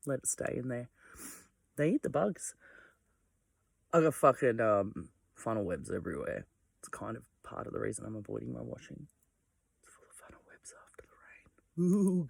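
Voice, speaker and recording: With the power gone, this Australian vlogger talks at home by candlelight in a loose, wandering monologue full of easy swearing. The mid-range voice carries vocal fry, and the sound is studio quality with no room tone.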